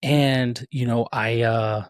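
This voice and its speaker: A man's voice: mid-range voice, steady tone, slow pace, no echo, studio quality. A man in his thirties, a podcast host telling a personal story in an earnest, reflective way with many restarts. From Texas. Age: 30s.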